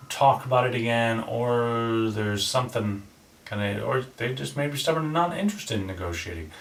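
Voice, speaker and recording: A man hosting his channel, casually reviewing a negotiation book and demonstrating tones of voice, often restarting his sentences. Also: medium pitch. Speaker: channel host. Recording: roomy echo, voice from a distance with faint ambient noise.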